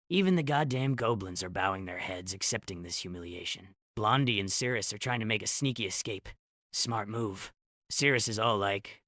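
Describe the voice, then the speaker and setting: A man recaps a comic story with a sarcastic edge, dropping snarky asides between plot beats. His voice sits a little low but sounds bright and sharp, and it is recorded dry and close. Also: normal speed, no room sound. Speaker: recap narrator. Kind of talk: comedic story recap narration.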